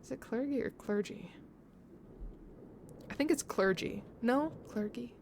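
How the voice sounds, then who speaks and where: A woman's voice: fairly high pitch, expressive, unhurried, darkish tone, a little hiss or hum. Chatty woman streamer reading aloud. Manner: chatty, laughing, muses on pronunciation. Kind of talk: reading a game's story aloud to chat.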